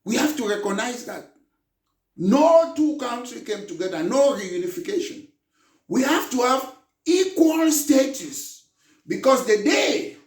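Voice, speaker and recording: A man giving an impassioned, emphatic political address as a party leader, now and then rising to a shout. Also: high-pitched, far from the mic. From Cameroon. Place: room in London. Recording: echoey room, voice off the mic.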